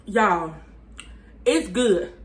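A woman reviewing fast food on her channel. She chats casually with viewers, talks with her mouth full and hums between bites because the food is burning her mouth. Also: mid-range voice, expressive. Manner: chatty, addresses viewers as y'all, hums while eating.

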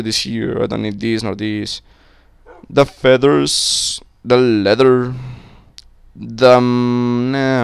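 A man casually commentating his game, excitable and swearing, yelling at monsters, slightly sick with a cracking voice. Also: medium pitch, gravelly, smooth, no room sound. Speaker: gaming channel host. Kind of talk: casual Minecraft let's-play commentary.

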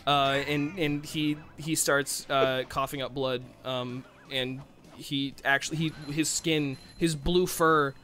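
A man's voice: on the high side, fairly even intonation, slow pace, over music. A man casually narrating a tabletop-style role-play, joking and rambling with frequent self-interruptions. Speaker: co-player.

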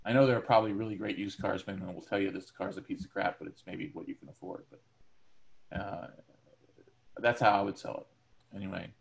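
A man's voice: sits low, steady tone, a little fast, vocal fry, pauses often. A male teacher giving a recorded lecture to his students, talking conversationally with everyday examples and frequent ums and uhs.

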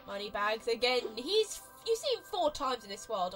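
A young woman with an exaggerated British accent giving chatty, excitable gameplay commentary as a let's play host. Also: fairly high pitch, normal speed, soft background music.

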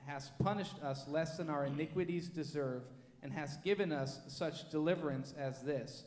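A man reading scripture aloud in a measured, formal way during a church service. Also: on the high side, a little mellow. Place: church sanctuary. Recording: echoey church hall.

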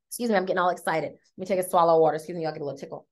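Lady in her 30s doing a casual upbeat sales pitch, chatty, keeps saying y'all and okay. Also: lively intonation, rapid-fire, darkish tone. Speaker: wellness product presenter.

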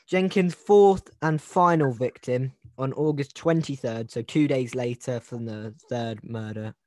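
A man's voice: mid-range voice, slow, darkish tone, no room sound. Man hosting a joking true-crime chat. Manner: joking, rambling with restarts. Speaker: podcast host. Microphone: video call.

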